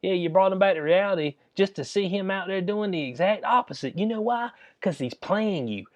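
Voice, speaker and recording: A man's voice: high voice, brisk, a little mellow, no room sound. A man ranting casually in a rambling, slangy way, laughing at his own jokes. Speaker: commentary vlogger. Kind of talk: casual rant. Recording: dull lo-fi sound.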